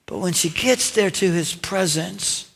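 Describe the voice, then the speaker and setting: A male pastor preaching a sermon in a lively storytelling way, acting out lines and talking directly to his congregation. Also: sits high, measured pace, creaky, husky. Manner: conversational asides to the congregation.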